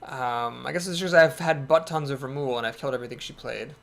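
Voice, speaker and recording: A man's voice: medium pitch, fast talker, creaky. A man giving casual commentary on a card game, thinking aloud in a wry, self-doubting way. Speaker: gameplay commentator.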